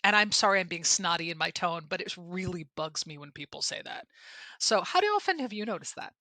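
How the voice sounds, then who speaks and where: A woman's voice: lowish voice, animated, fairly quick, sharp tone, no room sound. A middle-aged woman co-hosting a podcast about presenting, talking in a candid, emphatic, self-deprecating way. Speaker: podcast co-host and presentation trainer. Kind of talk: conversational podcast chat.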